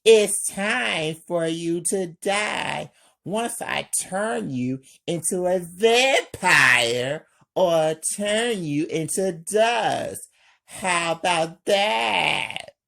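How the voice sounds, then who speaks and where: A man reading aloud as an evil female vampire villain, in a raised, husky voice, slowly and defiantly. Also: high-pitched, animated, voice pushed up, full character voice. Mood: evil taunting. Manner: reads the lines slowly in a raised, shouted voice. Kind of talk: amateur script read-aloud.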